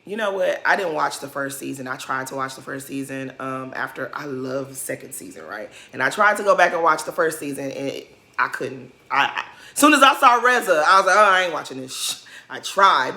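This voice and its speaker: A woman's voice: deep voice, pushed and bright. A woman giving blunt, sassy reaction commentary on a reality show, talking straight to the cast.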